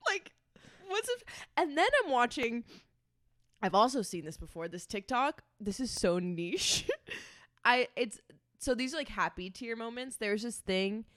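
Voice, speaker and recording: A woman in her twenties co-hosting a casual podcast, telling stories in a chatty, animated way and swearing freely. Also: a little high, measured pace, dry recording, studio quality. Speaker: podcast co-host. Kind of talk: casual chat.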